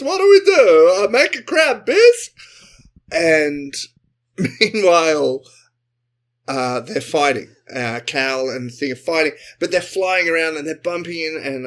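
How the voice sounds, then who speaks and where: A man co-hosting a comedy podcast, improvising a sci-fi story and jumping into quick character voices. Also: fairly high pitch. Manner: animated, acts out characters in quick bursts. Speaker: podcast co-host.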